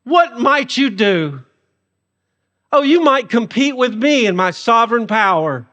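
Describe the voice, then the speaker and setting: A sarcastic God looks down and mocks the little humans, as a man acts him out in a sermon. The voice sits high and teasing. It rings with a long hall echo. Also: sing-song, a little slow, fairly bright tone, dull audio, exaggerated voice. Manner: mocking, sarcastic. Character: sarcastic all-powerful God mocking tiny humans.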